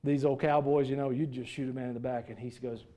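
A man's voice: mid-range voice, level tone, fast talker, warm tone. A middle-aged man preaching a sermon in a church, folksy and joking, full of rhetorical questions to the congregation. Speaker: pastor.

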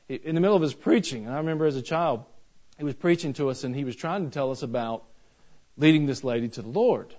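A man's voice: mid-range voice, a little mellow, highs cut off. A man preaching a sermon. He talks in a folksy, joking way that builds into fervent preaching. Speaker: pastor.

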